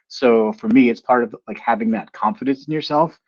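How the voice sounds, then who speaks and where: A man working as a solution engineer, telling stories in a casual panel chat and acting out the people he quotes with big jumps in pitch. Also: a little fast. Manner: animated storytelling, voices quotes with pitch jumps. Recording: lo-fi video call audio.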